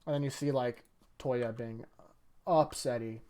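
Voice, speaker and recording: A YouTuber giving a casual, rambling review of a manga chapter, chatty and quick to laugh. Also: medium pitch, steady tone, mellow, clear, resonant tone.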